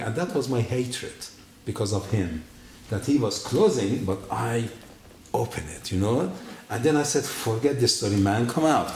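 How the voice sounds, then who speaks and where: Animated man telling his story. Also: normal speed. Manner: animated storytelling, acting out quotes with big pitch jumps. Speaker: guest giving a testimony. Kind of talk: personal testimony story. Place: church. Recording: echoey church hall, faint noise.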